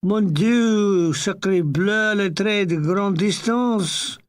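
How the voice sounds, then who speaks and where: A man putting on an excitable French taxi driver. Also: high-pitched, slow pace. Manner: excitable, exclaiming.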